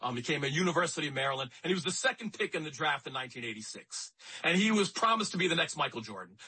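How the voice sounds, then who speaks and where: A man's voice: fairly high pitch, sharp tone, husky, rough recording. A man hosting a talk radio show, speaking in a conversational, emphatic way and often repeating himself.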